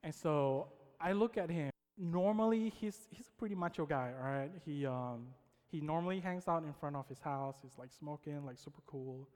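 A man's voice: a little high, normal speed. Man preaching in a reverberant hall. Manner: storytelling with animated quoted voices; frequent check-ins to the audience. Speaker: pastor. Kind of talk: sermon.

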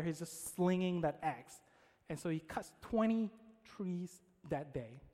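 Male speaker, sermon storyteller, relaxed and chatty, slightly high pitch. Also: big-room sound. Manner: casual, conversational, with frequent "right?".

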